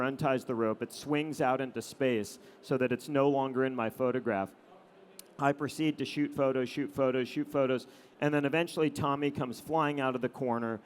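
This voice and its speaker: A middle-aged man, a photographer, telling anecdotes to an audience in a relaxed storytelling manner with frequent "um" and "you know". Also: mid-range voice. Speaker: adventure photographer giving a talk.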